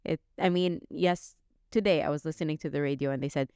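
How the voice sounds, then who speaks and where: A young woman co-hosts a podcast, chatting playfully and teasing her partner. Her voice is smooth and clear. It was recorded dry and close, with no room sound. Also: deep voice, fairly quick, darkish tone, dry recording. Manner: playful, teasing, laughs often. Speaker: podcast co-host. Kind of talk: casual chat.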